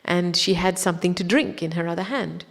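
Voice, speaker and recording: Breathy woman telling a story in a reverberant hall. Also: lowish voice, a little fast. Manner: reflective, gentle anecdotal telling. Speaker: spiritual speaker. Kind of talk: personal storytelling in a spiritual talk.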